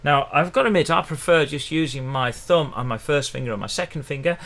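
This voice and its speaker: A man's voice: fairly high pitch, lively intonation, fairly quick, gravelly. A middle-aged man, teaching ukulele in a chatty, encouraging livestream lesson, counting in the beats. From England. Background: faint ukulele playing.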